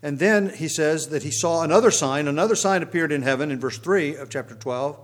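A man's voice: on the high side, fairly quick. A man teaching verse by verse through a Bible passage, explaining as he goes, with frequent ums and restarts.

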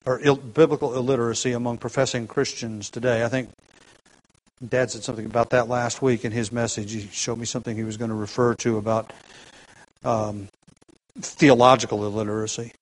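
A man's voice: mid-range voice, flat delivery, rough recording. Earnest male preacher. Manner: earnest, builds emphasis by slowing down and getting louder. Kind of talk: sermon. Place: church gathering.

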